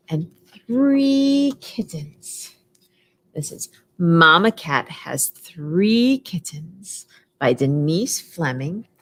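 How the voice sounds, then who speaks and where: A woman leading a preschool storytime, talking in a slow, sing-song way for small children. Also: on the low side, a little hiss or hum. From United States. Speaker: children's librarian.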